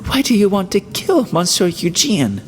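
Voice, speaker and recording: A man's voice: sits high, sing-song, normal speed, a little hiss or hum, pitched above the performer's own voice. A man voicing a timid pleading young woman.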